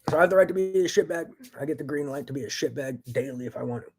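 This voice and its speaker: A man ranting angrily into the camera in a profane, agitated monologue, swinging between loud outbursts and low muttering. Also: very fast, over music. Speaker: vlogger.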